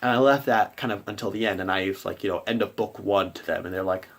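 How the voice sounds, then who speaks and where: A man's voice: lowish voice, fast talker, creaky. A man who runs a tabletop game, giving a rambling, conversational recap of a session and acting out his players' reactions. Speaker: game master.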